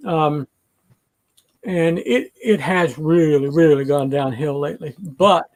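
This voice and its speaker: A man's voice: on the high side, slow, darkish tone. A man hosting a casual livestream chat, rambling and reading out viewer comments. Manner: rambling, chatty. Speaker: livestream host.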